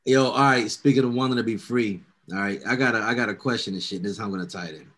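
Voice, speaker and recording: A young man hosting a casual chat, telling a profane story and loudly acting out what everyone said. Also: lowish voice, fast talker. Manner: profane, animated storyteller, acts out quotes loudly.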